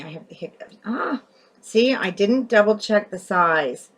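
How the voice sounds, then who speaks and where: A woman's voice: mid-range voice, animated, unhurried, fairly bright tone, husky. A woman hosting a craft tutorial, chatting as she works and often correcting herself. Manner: chatty, thinking aloud while working, often self-correcting.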